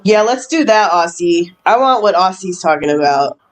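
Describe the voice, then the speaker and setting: A woman chatting casually with friends, blunt and quick to laugh. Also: lowish voice, animated. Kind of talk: casual group chat.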